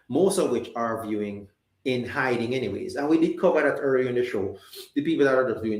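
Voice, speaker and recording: A man with a Jamaican accent and a mid-range, darkish voice hosts a live talk show, chatting conversationally and reading out viewer comments. His speech has many restarts and fillers, and the sound is reverberant.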